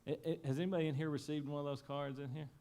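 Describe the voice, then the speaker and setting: A man preaching a sermon, telling a story in a folksy, emotional way that swings from loud to hushed. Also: fairly high pitch, flat delivery, very fast, clean tone. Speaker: pastor. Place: church sanctuary.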